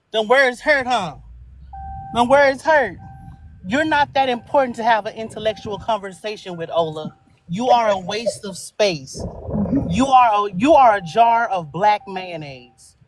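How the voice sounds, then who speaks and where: A woman on a live audio panel debate, taunting and hurling slow, drawn-out insults. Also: mid-range voice, a little hiss or hum. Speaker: panel speaker.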